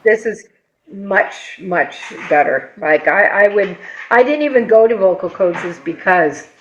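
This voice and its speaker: High-voiced man on dull lo-fi audio. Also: expressive, unhurried, a little hiss or hum. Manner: hesitant, repeats himself. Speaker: student. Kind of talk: testimonial interview.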